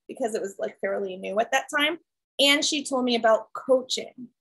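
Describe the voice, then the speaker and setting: A woman leading a video call for her team, telling her story in a chatty, animated way with lots of "right?" and "like". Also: a little high, low-quality recording. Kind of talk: casual presentation to her team.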